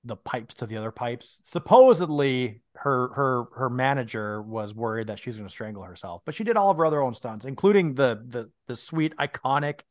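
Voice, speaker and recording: A man's voice: medium pitch, expressive, normal speed, hardly any pauses, no room sound, clean studio sound. Casual man sharing movie trivia. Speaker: podcast co-host. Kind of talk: casual podcast chat.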